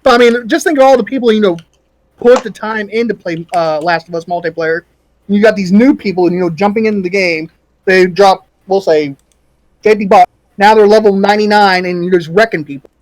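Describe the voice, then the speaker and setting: A man's voice: high voice, fairly quick, no echo, rough recording. A man co-hosting a casual gaming podcast, talking loosely with lots of fillers. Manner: loose, filler-heavy talk. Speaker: podcast co-host.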